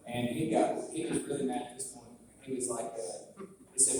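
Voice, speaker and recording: A man's voice: mid-range voice, moderate pace. A young man sharing his personal recovery story in a casual, rambling way, full of "like" and acted-out quotes. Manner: acts out quoted exchanges. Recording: echoey room, mic far off, ambient noise.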